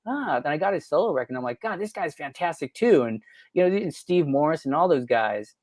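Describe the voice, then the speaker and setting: A man's voice: on the high side, big pitch swings, fast, a little mellow, no room sound. A man in his forties, a record producer guest on a podcast, telling stories in a rambling way full of fillers and self-corrections. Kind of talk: casual interview storytelling.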